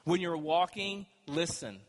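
A man preaching a sermon as pastor, emphatic and swinging between loud and quiet. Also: a little high, animated, a little slow. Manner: emphatic preaching, rising and dropping loudness. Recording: echoey hall with long reverb.

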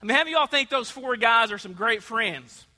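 A man's voice: extremely high pitch, expressive, fairly quick, bright, forceful tone. A man preaching a sermon in a church, asking the congregation to call out answers. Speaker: pastor. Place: church sanctuary. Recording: long church hall reverb.

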